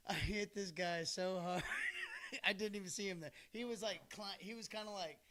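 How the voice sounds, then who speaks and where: A man's voice: sits high, sharp tone. A man hosting a podcast who tells a story in casual chat, rambling with lots of fillers and laughter. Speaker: podcast host.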